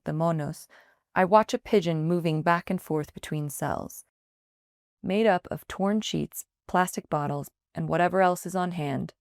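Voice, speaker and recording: A woman reporter reading a written field investigation aloud in a measured, even scripted news narration. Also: fairly low pitch, vocal fry, dry recording, studio quality.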